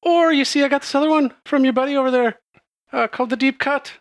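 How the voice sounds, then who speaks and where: A woman's voice: sits high, fairly even intonation, fast talker, voice pushed up. A man voicing a sly, cheerful woman gambler who teases the players at a game table. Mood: sly, amused. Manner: playful and teasing.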